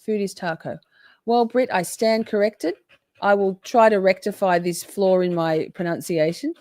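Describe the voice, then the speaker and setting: A woman's voice: medium pitch, fairly even intonation, moderate pace, dark tone, no echo, studio quality. Chatty Australian woman reading comments. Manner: chatty, reads viewer comments aloud, laughs often. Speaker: livestream host. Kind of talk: casual livestream chat.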